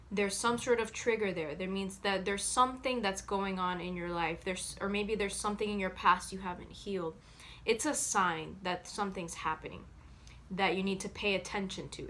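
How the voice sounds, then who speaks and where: A woman's voice: medium pitch, sharp tone. A young adult woman, a self-help vlogger, talking casually to camera in an earnest, reflective way, with many fillers and restarts.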